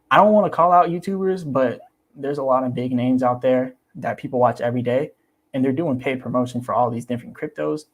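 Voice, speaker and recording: A young crypto YouTuber with a husky, mid-range voice chats casually on his livestream about crypto. He's animated, repeats himself, and acts out the people he's quoting.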